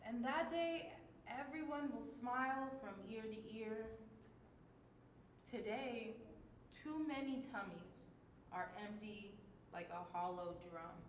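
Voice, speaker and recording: Lady acting out a kids' poem with big showy emotion, high voice, echoey room. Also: slight background noise. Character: woman reciting a poem in sad, angry, then excited tones.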